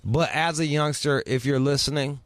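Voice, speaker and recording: A man's voice: fairly high pitch, moderate pace, no room sound. A middle-aged man co-hosting a casual podcast, talking bluntly with lots of swearing and mimicking people in his stories. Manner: blunt, swears often, mimics voices in anecdotes. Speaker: podcast co-host. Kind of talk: casual profane chat.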